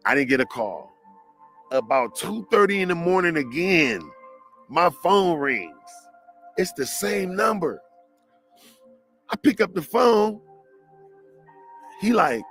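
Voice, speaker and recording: A man from Detroit giving a lively motivational talk, telling stories in slangy, animated speech and laughing along. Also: high voice, slow, long pauses, soft background music. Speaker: motivational speaker.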